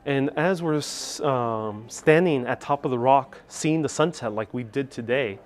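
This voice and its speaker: A man's voice: mid-range voice, measured pace. A man giving a chatty live-stream tour from a skyscraper observation deck, reading out viewer comments as he goes. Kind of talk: casual live-stream narration. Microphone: wireless clip-on mic with phone on gimbal.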